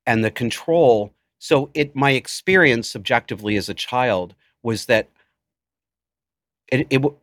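A man's voice: medium pitch, a little slow, fairly bright tone, no echo, clean studio sound. A man in his forties, a podcast guest, speaking intensely and emotionally about his life. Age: 40s. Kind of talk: personal storytelling in interview.

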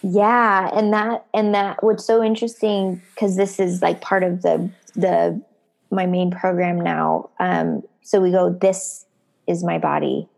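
Slow, gravelly-voiced woman coach. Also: mid-range voice, level tone. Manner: slow, reflective, repeats phrases softly. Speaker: running coach and podcast host. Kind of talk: casual conversation.

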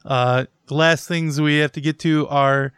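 A man with a slightly high, smooth, crisp voice hosts a casual podcast chat. His humor is dry and teasing, recorded close and dry with no room sound. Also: steady tone, unhurried, fairly bright tone, no echo. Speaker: podcast host. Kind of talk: casual podcast chat, reading listener posts.

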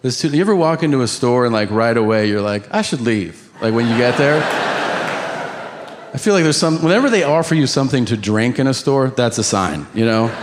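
A man's voice: medium pitch, lively intonation, brisk. A man doing a stand-up routine, telling a story with quoted dialogue. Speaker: stand-up comedian.

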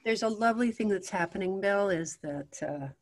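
A woman's voice: medium pitch, normal speed. A woman working as a voice and acting coach, giving encouraging feedback on diction. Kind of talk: coaching conversation.

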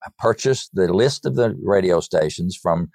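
Older male songwriter guest from North Carolina, low voice, dry close sound, lively storyteller. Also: normal speed, creaky, no echo. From North Carolina, USA. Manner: lively storyteller who repeats words as he goes. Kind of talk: storytelling in a podcast interview.

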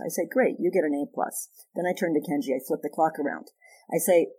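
Husky woman therapist on a podcast, fairly low voice, tells stories and acts out the dialogue. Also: fast talker. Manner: animated storyteller, acts out quoted dialogue. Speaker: guest sex therapist and psychologist. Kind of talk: conversational podcast interview.

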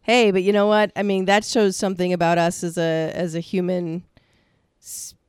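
A woman's voice: lowish voice, little pitch movement, normal speed, clear, resonant tone, dry recording, clean studio sound. A woman co-hosting a casual podcast who rambles, jokes about herself and often searches for the right word. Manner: rambling, self-deprecating, searches for words. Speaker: podcast co-host.

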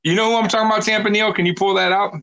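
A man's voice: high voice, fairly even intonation, racing, creaky, sharp tone, clear, resonant tone, low-quality recording. A man co-hosting a casual sports podcast, laid-back and chummy. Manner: laid-back, says bro a lot. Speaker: podcast co-host.

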